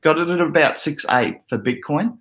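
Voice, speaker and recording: A young Australian man hosting a casual crypto livestream, relaxed and chatty, laughing often as he reads out the chat. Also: on the high side, normal speed.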